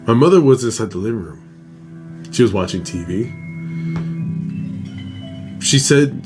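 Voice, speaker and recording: A man reading a ghost story slowly and dramatically, drawing out his words with lively swings in pitch. He breaks in with casual asides, and faint music plays underneath. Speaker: host.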